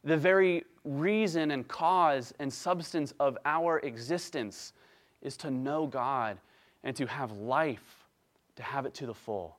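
A man preaching a sermon, emphatic, climbing to excited peaks and then dropping to quiet, earnest stretches. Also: mid-range voice, slow. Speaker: pastor.

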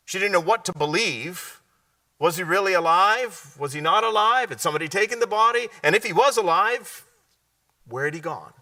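A man preaching a sermon, often asking his listeners questions and answering them, sometimes dropping to a hushed, slow delivery. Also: sits high, expressive, far from the mic. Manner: drops to a hushed, slow delivery at key points.

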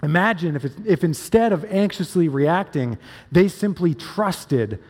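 A man's voice: fairly high pitch, animated, measured pace, darkish tone. A male pastor preaching a sermon, telling a story with emphatic, repeated phrases. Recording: long hall reverb.

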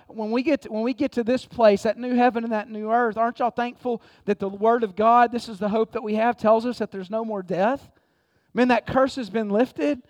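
Man, pastor, impassioned sermon, very high voice, dry sound. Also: no echo. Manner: impassioned preaching, reads scripture aloud, repeats "man".

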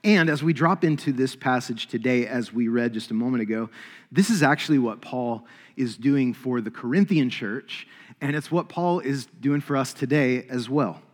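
Man, pastor, conversational sermon delivery, mid-pitched, big reverberant church hall. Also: moderate pace. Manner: casual storytelling with frequent fillers.

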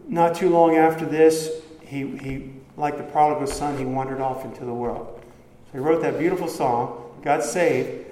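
A man's voice: fairly high pitch, warm tone. A man preaching a sermon as pastor, earnest, often repeating words as he goes. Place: church sanctuary. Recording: echoey church hall, faint ambience.

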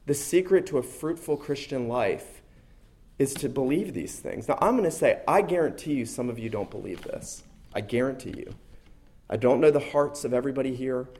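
A man's voice: mid-range voice, moderate pace, darkish tone. A man preaching a sermon to a congregation, earnest and emphatic, often repeating his key phrases. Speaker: pastor.

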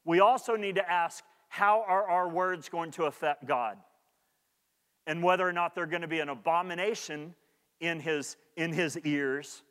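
A man's voice: fairly high pitch, a bit bright, big-room sound. A man preaching a sermon as pastor, earnest and repeating his key points for emphasis.

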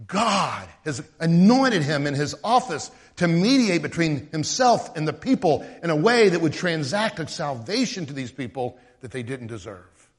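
A male pastor preaching a sermon in an animated way, acting out the voices of the people he quotes. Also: on the high side, big-room sound.

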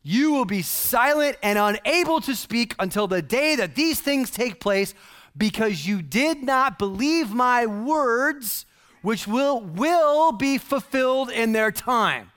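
A man voicing a stern male archangel who delivers a rebuke slowly and emphatically. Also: extremely high pitch, animated, a bit bright, voice pushed up, exaggerated voice. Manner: slow, emphatic, declaiming.

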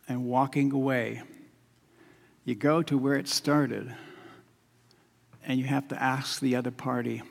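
A male preacher giving a sermon, measured and repetitive, often dropping to a quiet, weighty emphasis. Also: mid-range voice, gravelly. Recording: long hall reverb.

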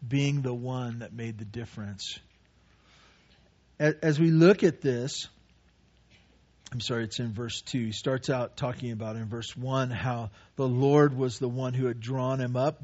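A man preaching a sermon in an earnest way, often repeating words and swinging between quiet asides and raised, urgent passages. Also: highs cut off. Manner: earnest preaching with repeated words and sudden rises in pitch and volume. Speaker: pastor.

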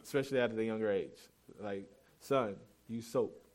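A man's voice: fairly low pitch, normal speed, darkish tone, a little hiss or hum. A man in his thirties preaching a sermon as pastor, telling a family story in a candid, self-deprecating, conversational way.

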